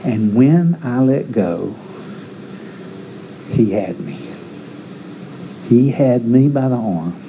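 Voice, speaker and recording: A man's voice: mid-range voice, dark tone, a little hiss or hum, rough recording. A middle-aged man preaching a sermon, earnest and given to repeating words as he restarts his phrases. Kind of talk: sermon with personal stories.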